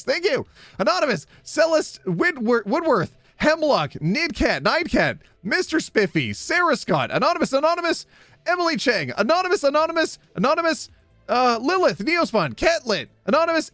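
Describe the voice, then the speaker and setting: A man's voice: very high-pitched, a bit bright, no echo. A man hosting a charity livestream, rattling off donor names, stumbling over spellings and tossing in chatty asides. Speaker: livestream host reading out donors. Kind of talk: charity livestream, rapid name roll call.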